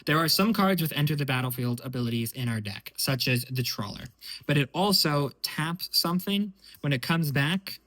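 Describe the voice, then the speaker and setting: A man's voice: a little high, normal speed, rough recording. Man casually explaining a card deck. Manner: relaxed, thinks aloud with fillers and self-corrections. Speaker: deck tech host.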